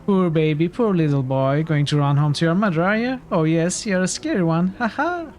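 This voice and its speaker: Man doing a sneering brawler, coarse and mocking, pitched up high. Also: lively intonation, moderate pace, a little mellow, lo-fi sound, natural voice. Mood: jeering. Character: rude taunting male street thug, brawler.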